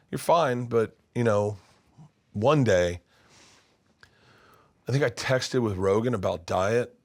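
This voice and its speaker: A comedian in his fifties telling stories in a rambling, animated way, full of restarts. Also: on the low side. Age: 50s. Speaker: comedian guest. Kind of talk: casual storytelling. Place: his studio.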